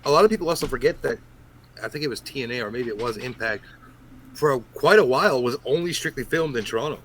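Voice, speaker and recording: A man's voice: medium pitch, quick pace, a bit bright, a little hiss or hum. A man chatting as a podcast guest, giving blunt, opinionated takes. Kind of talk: casual podcast chat.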